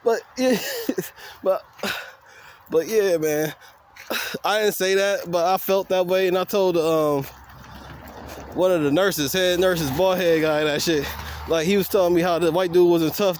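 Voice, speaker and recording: A man's voice: high-pitched, darkish tone, a little hiss or hum. A man vlogging, telling a story in a casual monologue. He is profane and blunt, laughs often, and acts out the quoted dialogue.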